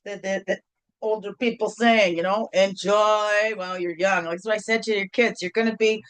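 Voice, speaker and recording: A woman's voice: mid-range voice, steady tone, moderate pace, a bit bright, no room sound. Woman, middle-aged, casual home vlog host, playful, chatty, sing-song, dry close sound. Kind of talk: casual morning video chat.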